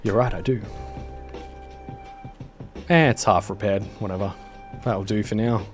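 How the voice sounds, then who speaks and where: Male streamer, low and relaxed, mumbly game commentary over soft music. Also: unhurried. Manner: laid-back, mumbling, hesitant. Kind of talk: casual gameplay commentary.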